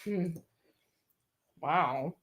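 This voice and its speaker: A woman hosting a cooking livestream, chatting and telling stories as she reads viewer comments aloud. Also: low voice. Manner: chatty storyteller, quick animated asides. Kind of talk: casual chat, reading viewer comments aloud.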